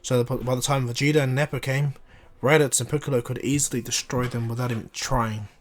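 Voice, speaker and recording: A man's voice: mid-range voice, steady tone, fairly quick. Rambling man retelling a fan story. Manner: rambling, many restarts and fillers.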